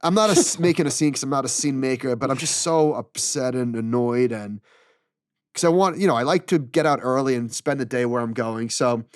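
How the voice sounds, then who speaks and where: A man in middle age tells a story on a podcast, exasperated and animated, playing every part of the exchange himself. His voice is of middling pitch. The sound is dry and close, with little room around it. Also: fairly quick, clean tone, no echo. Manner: animated, exasperated retelling with quoted dialogue. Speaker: podcast co-host. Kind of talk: casual storytelling chat.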